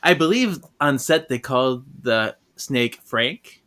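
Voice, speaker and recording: A man's voice: mid-range voice, animated, takes it slowly, a bit bright. A man co-hosting a podcast, recapping a comic in casual chat and laughing often. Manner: laughs often, hesitant fillers. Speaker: podcast co-host.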